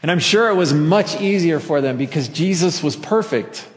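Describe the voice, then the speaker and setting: A man's voice: fairly high pitch, lively intonation, normal speed. A pastor delivering a Christmas sermon in a church before a masked congregation, talking conversationally and joking at his own expense. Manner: conversational preaching with self-deprecating jokes. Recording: long hall reverb.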